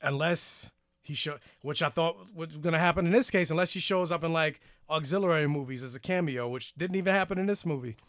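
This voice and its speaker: Chatty young man, slightly high voice. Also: a little fast, a bit bright, no room sound, clean studio sound. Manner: chatty, retells scenes, hedges with "like". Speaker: podcast co-host. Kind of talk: casual chat about superhero movies.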